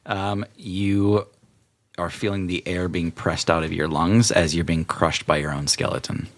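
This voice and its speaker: A man narrating as game master of a tabletop role-playing game, relaxed and often laughing as he describes scenes. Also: sits low, measured pace.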